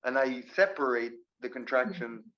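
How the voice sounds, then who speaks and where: A man teaching English in a live online class, explaining grammar with lively examples. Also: medium pitch, moderate pace, dull audio.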